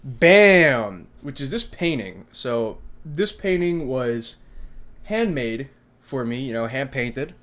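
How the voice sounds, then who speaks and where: A man's voice: mid-range voice, animated, slow, a bit bright. Chatty young man reviewing manga. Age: 20s. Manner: loose and chatty, slangy, swears casually, mimics characters in passing. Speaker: anime review vlogger. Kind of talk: casual manga chapter review.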